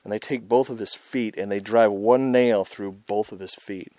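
A man preaching an informal, intense sermon as the host of his show, talking in a conversational way with many asides and rising loud on his emphasis. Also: fairly low pitch, steady tone, moderate pace, no echo.

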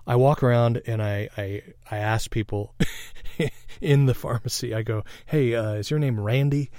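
A man's voice: medium pitch, dark tone, dry recording, studio quality. A man preaching a sermon in a conversational, reflective way, sharing a personal story and often checking in with "all right?". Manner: reflective, meditative pauses.

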